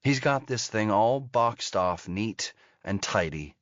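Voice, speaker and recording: A man narrating an audiobook thriller in an even, steady storytelling manner. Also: on the low side, takes it slowly, no room sound. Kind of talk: scripted narration. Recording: dull lo-fi audio.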